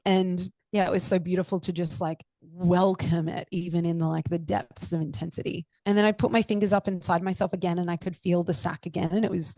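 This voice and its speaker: A woman's voice: fairly low pitch, warm tone, no echo. A young woman telling a personal story as a podcast guest, emotional and effusive, with lots of "like" and "you know.". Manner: emotional, effusive, many fillers.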